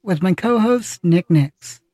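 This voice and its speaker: A podcast host in casual conversation, voice sitting at a middle pitch. The delivery is halting and full of fillers and self-corrections, recorded dry with no room sound. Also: animated, a little mellow, dry recording. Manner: halting, many fillers and restarts.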